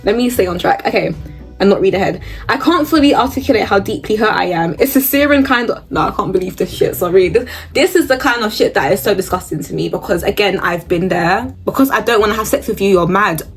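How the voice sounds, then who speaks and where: Blunt, animated woman reacting on camera. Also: medium pitch, fast, faint music behind. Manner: blunt, animated, laughs and gasps while reading. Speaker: host reading reddit posts. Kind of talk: casual reaction commentary.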